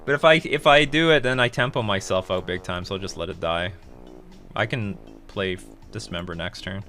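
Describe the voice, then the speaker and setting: A man's voice: sits low, fairly quick, sharp tone, faint music behind. A man with a Canadian accent, chatting casually while streaming a card game, laughing often and swearing now and then. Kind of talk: casual gameplay commentary.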